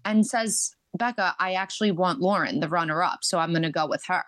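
A woman guest on a podcast, telling stories in a chatty, animated way, full of "like" and "um". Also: fairly low pitch, a little fast, no echo. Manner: chatty, animated, many fillers like "like" and "um". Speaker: podcast guest, reality show contestant. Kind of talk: casual storytelling interview.

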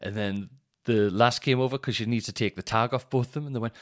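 A man's voice: medium pitch, moderate pace, a bit bright. A man hosting a podcast, telling a rambling, sweary shopping story and laughing as he goes. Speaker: podcast host. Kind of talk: casual storytelling monologue.

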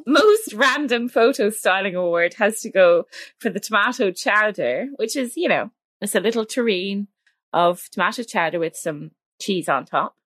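Chatty woman co-host, laughs a lot, animated and dry. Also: medium pitch, normal speed, dry recording. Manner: giggly, chatty, laughs often. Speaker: podcast co-host. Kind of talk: casual chat.

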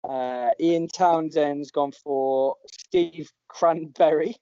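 Giggly podcast host, mellow and a touch high, on dry lo-fi audio. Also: male voice, steady tone, very slow, dry recording. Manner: laughing, chatty, reading out listener tweets. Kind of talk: casual chat.

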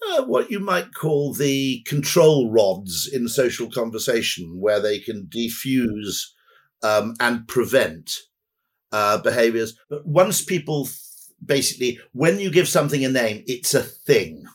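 A man with a mid-range voice and big swings in pitch talks at a measured pace. He's an advertising executive appearing as a guest on a conversational podcast, rambling through anecdotes and dropping dry asides.

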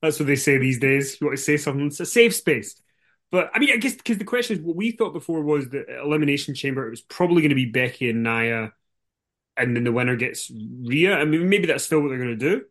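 A man's voice: medium pitch, animated, quick pace, fairly bright tone. A man co-hosting a podcast in casual chat, agreeable and lightly teasing. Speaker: podcast co-host.

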